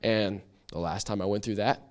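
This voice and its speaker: Teaching a Bible study at church, a man with a lowish voice talks at a moderate pace. He's conversational and lively, performing little quoted voices to illustrate his explanations.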